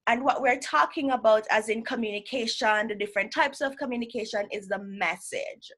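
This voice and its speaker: A woman's voice: a little high, a little fast, fairly bright tone. A woman presenting an educational session, explaining ideas step by step and checking in with "right?". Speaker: workshop presenter.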